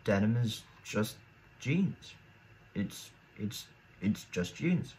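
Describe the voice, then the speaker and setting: A man's voice: on the low side, animated, slow pace, a little mellow, slight background noise. A teenage boy in casual solo commentary, rambling and thinking aloud with frequent restarts as he weighs each choice. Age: teens. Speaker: YouTuber.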